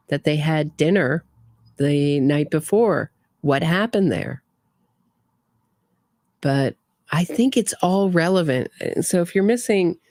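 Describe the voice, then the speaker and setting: A woman's voice: deep voice, darkish tone, dry recording, clean studio sound. A middle-aged woman hosting a casual true crime livestream, giving opinions and reading viewer comments aloud.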